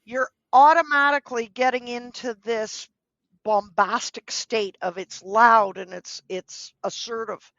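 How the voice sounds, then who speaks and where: Higher-voiced woman giving earnest advice. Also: fairly even intonation, a little slow, no echo, dull audio. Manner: earnest, gently advising, acts out quoted speech. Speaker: guest, dog trainer. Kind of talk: podcast interview.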